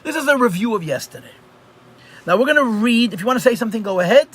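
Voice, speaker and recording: A man's voice: very high-pitched, animated, fast talker, a bit bright. A man teaching a live online class as a rabbi, talking conversationally and repeating phrases for emphasis. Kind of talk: live online Chassidus lesson. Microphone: computer mic on a video call.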